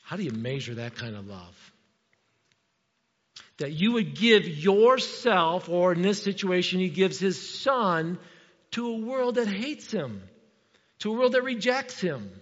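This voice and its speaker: A middle-aged man preaching a sermon in a lively, conversational way, full of rhetorical questions. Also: high-pitched, unhurried. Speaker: pastor. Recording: reverberant hall, dull lo-fi sound.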